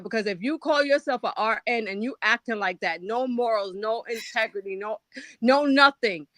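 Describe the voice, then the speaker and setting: A woman's voice: fairly high pitch, moderate pace, pushed and bright, dry recording. Angry profane woman on a livestream. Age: older. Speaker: livestream guest. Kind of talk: heated livestream rant.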